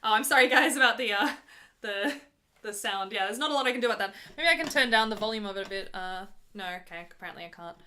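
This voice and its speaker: A woman's voice: mid-range voice, expressive, quick pace, sharp tone. A young woman opera singer talking casually from her apartment, explaining an aria between sung examples in a chatty, patient way with easy laughs.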